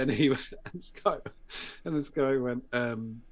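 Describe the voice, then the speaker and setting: A man's voice: mid-range voice, moderate pace. A British man hosting a casual show, telling stories with lots of swearing and acted-out voices. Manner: animated storyteller, swears a lot, acts out voices. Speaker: podcast host. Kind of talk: casual pub-style chat.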